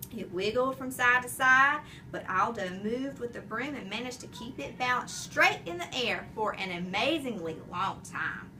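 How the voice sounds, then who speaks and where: A woman narrating a children's chapter book in an expressive, animated storytelling way. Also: fairly high pitch, distant mic, background noise. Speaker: audiobook reader.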